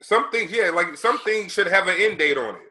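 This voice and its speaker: A man's voice: sits high, expressive, sharp tone, low-quality recording. A man hosting a podcast, chatting easygoing with a guest and agreeing with him often. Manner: easygoing, quick agreeing interjections. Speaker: podcast host. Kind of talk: casual podcast chat.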